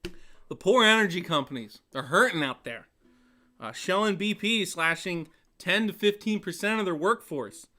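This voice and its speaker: A man's voice: high voice, expressive, moderate pace, pushed and bright. A man hosting a casual web show, rambling with sarcastic jokes and frequent laughter. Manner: joking, sarcastic asides, laughs often. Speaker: host of a songwriting web show.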